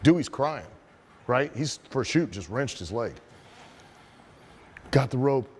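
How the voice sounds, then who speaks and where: A man who is a wrestling trainer telling a story as a lesson, profane and animated, asking his listeners rhetorical questions. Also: medium pitch, a little slow, a little hiss or hum.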